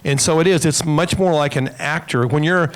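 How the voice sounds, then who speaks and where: Man, panel participant, earnest and reflective, higher than usual pitch. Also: normal speed, clean tone. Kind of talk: conversation on a panel. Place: conference stage before an audience.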